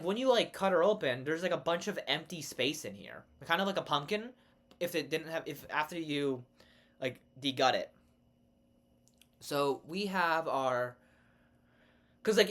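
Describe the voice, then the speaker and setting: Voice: mid-range voice, a bit bright. A young adult vlogger rambling goofily to camera, often cutting off and restarting. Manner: rambling, goofy, self-interrupting. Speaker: vlogger, channel host. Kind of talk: casual rambling chat to camera.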